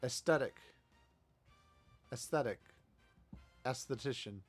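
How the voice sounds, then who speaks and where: A man's voice: mid-range voice, slow pace, soft background music. A man streaming a game, chatting casually, laughing a lot and poking fun at himself. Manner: chatty, self-deprecating, laughs often. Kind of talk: casual gameplay commentary.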